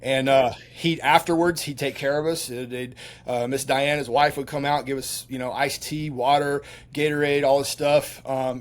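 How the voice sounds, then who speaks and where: A middle-aged male veteran telling stories as an interview guest, animated and rambling, full of fillers and restarts. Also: medium pitch. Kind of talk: casual storytelling interview.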